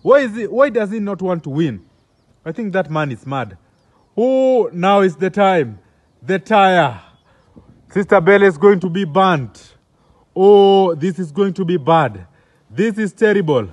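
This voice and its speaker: A young man with a Kenyan accent giving excited, comedic play-by-play commentary on wrestling, exclaiming and repeating himself. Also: high-pitched, a little slow.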